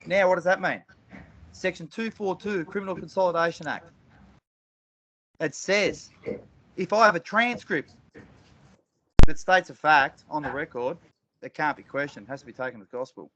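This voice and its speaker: Emphatic high-voiced man telling courtroom stories. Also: normal speed, long pauses, pushed and bright. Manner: emphatic, repeats phrases, acts out courtroom exchanges. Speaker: guest speaker. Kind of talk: animated storytelling talk. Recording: dull lo-fi recording.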